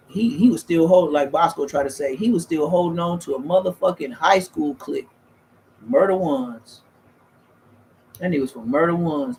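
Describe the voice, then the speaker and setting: A man's voice: fairly high pitch, gravelly, a little mellow, a little hiss or hum. A man, telling rambling, slangy, profane stories as a streamer in casual chat. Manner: profane, slangy, loose and restarting.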